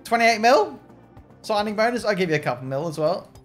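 A man's voice: sits high, expressive, a little fast, fairly bright tone, soft background music. A man streaming a racing management game, joking, swearing and talking to his chat. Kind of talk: casual gameplay commentary.

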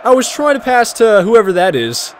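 A man giving casual, jokey commentary while playing a football video game, often shouting at the action. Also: high voice, sing-song, normal speed, some chatter behind, a little hiss or hum. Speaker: gaming commentator.

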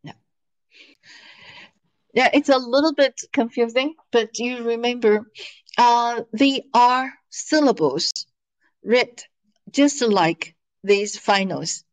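A woman's voice: on the high side, takes it slowly, pauses often. A woman teaching pronunciation in a lesson, patient and repeating each syllable for students to follow. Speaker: Mandarin teacher.

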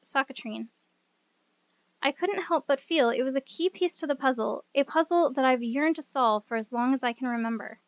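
High-voiced woman reading a visual novel. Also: dry recording. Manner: expressive, with playful asides. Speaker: narrator. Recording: dull lo-fi recording with music.

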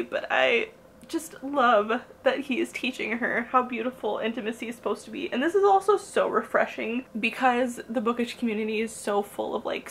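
A woman's voice: a little high, a bit bright, slight background noise. A young woman vlogging about a book she loves, reading passages aloud and gushing emotionally between them.

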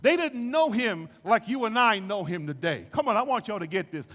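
Preacher guy, high bright voice w some gravel, long church hall echo. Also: normal speed. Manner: builds from calm teaching to shouted fervor, acts out voices. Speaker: pastor. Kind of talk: sermon. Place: church sanctuary.

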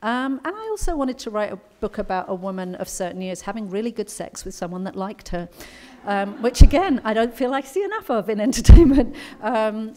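Brief: middle-aged English author, chatty and anecdotal, medium pitch, speaking at a conference luncheon. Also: female voice, darkish tone. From England.

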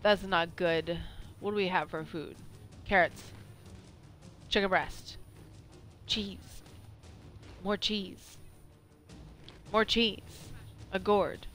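A woman streaming a video game, chatting excitably and talking back to what happens on screen. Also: medium pitch, extremely slow, pauses often, faint music behind. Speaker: gameplay streamer. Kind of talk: live let's-play commentary.

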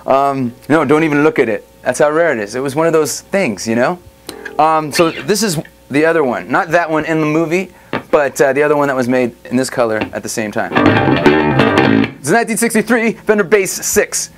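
A relaxed, joking man talks through a guitar demo in a casual, rambling way, with a slightly raised voice. Soft music plays underneath. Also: fairly high pitch, moderate pace. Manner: loose and jokey, laughing, rambling asides. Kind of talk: casual chat demonstrating a guitar.

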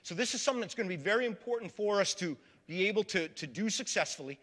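A man's voice: high-pitched, lively intonation, fast talker, fairly bright tone. A man giving a public history lecture to a live audience, storytelling and calling them folks. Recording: long reverb of a large hall.

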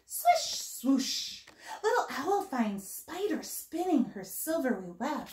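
Teacher, woman, reads a children's picture book aloud, high and lively, in an echoey room. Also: unhurried. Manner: animated, gasps, asks listeners questions.

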